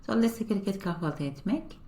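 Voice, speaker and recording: A woman teaching a beginner language lesson, explaining grammar step by step in a patient way and repeating example sentences slowly. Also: medium pitch, lively intonation, warm tone.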